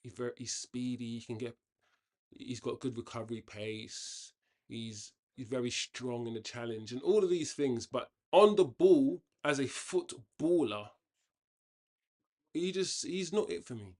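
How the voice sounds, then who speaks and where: A man hosts a football watchalong and chats casually about the match. He is opinionated and restarts his sentences often. His voice sits at an everyday middle pitch. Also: measured pace, darkish tone. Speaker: watchalong host.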